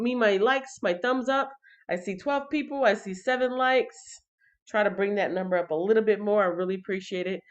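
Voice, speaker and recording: A woman's voice: mid-range voice, dull audio. A woman hosting a casual livestream Bible reading, chatting straight to her viewers. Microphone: computer or phone mic on a livestream.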